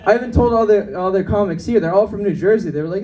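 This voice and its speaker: A man's voice: high-pitched, quick pace, mellow, recorded from a distance, muffled recording. A young man doing a stand-up comedy set in a club. He talks in a brash way and jumps between voices to act out the people in his stories. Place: comedy club with live audience.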